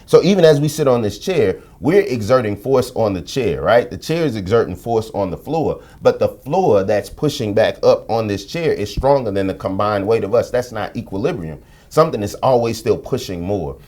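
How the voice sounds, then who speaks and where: A man's voice: fairly low pitch, lively intonation, moderate pace, hardly any pauses, a little mellow. A middle-aged man from the United States speaking as a podcast guest, telling stories frankly and animatedly, with slang and profanity. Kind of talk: candid conversational interview.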